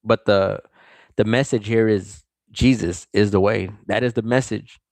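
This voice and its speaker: A man with a fairly low voice reads scripture aloud at a slow, careful pace, then breaks into relaxed commentary. His talk is loose and casual, full of "like" and quick restarts. The sound is dry and close, with no room echo. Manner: reads verses slowly, then chats loosely with many likes and restarts. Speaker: Bible study vlogger. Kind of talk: casual Bible reading with commentary.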